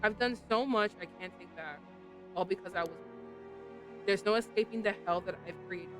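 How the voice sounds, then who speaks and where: A woman voicing a guilt-ridden ghost schoolgirl, speaking softly, low and apologetic. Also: brisk, music in the background, close to an everyday voice. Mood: remorseful.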